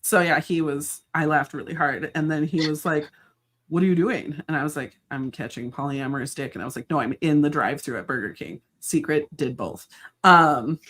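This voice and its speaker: A woman's voice: deep voice, normal speed, fairly bright tone, a little hiss or hum. A middle-aged woman guest in casual chat, telling playful stories about her son and laughing often. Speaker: podcast guest.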